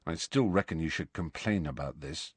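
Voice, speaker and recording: A man's voice: high voice, big pitch swings, normal speed, fairly bright tone, dry recording, voice pushed up, heavily acted. A man voicing a glum, blunt teenage boy who grumbles and complains. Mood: low glum.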